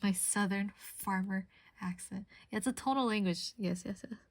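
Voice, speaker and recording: A woman's voice: mid-range voice, moderate pace, no room sound. A young woman streamer chatting casually and rambling while she crafts, answering her chat.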